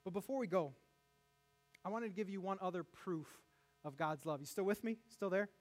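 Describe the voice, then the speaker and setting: A man preaching a sermon as pastor, animated, with jokes and asides to the congregation in a church. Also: high voice, normal speed.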